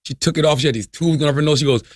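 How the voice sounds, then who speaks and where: A man co-hosting a podcast, telling crude stories fast in casual comedic chat, full of profanity and quoted asides. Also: fairly high pitch, dry recording, clean studio sound. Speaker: podcast co-host.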